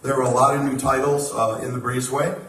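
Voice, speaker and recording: A man who volunteers as a bookseller talks in a cheerful, jokey way and pokes fun at himself. He is heard from a distance in an echoey hall, with clear background noise and clicks. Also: medium pitch, level tone, quick pace, a bit bright. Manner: jokey, self-deprecating, cheerful. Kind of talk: informal church announcement.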